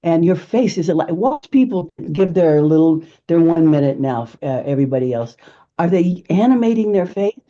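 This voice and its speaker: Dark-voiced woman coaching with energy. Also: lowish voice, moderate pace, dull audio. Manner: lively, laughing, emphatic. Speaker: presentation skills coach. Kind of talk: networking pitch.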